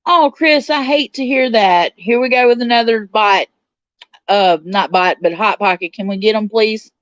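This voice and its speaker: On a casual livestream, a woman with a mid-range voice chats at normal speed, reading her viewers' comments aloud and replying. The recording is dry, dull, and slightly lo-fi.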